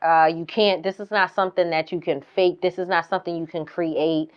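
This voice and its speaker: A woman from Boston, a recording artist and mentor, speaking calmly and earnestly. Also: on the low side, brisk, clear, resonant tone, dull audio. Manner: calm, earnest and encouraging.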